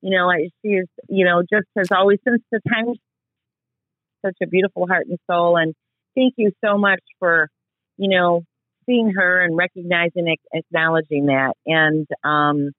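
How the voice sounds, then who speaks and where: A woman's voice: on the low side, fairly even intonation, normal speed, no echo. A woman calling in by phone as a guest's mother, gushing and effusive with lots of fillers, heard over a dull line. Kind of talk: phone call into a podcast.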